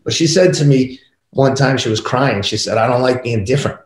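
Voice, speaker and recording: A man's voice: medium pitch, fairly quick. A middle-aged man, a podcast guest, telling family stories in a casual interview, acting out the voices of his kids and wife. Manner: animated, acts out family dialogue. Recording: echoey room.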